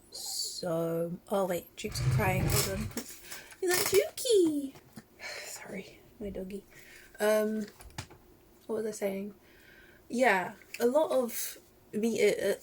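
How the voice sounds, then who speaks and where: A woman vlogger talking casually in a reaction video, emotional and animated, laughing often. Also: medium pitch, slight background noise.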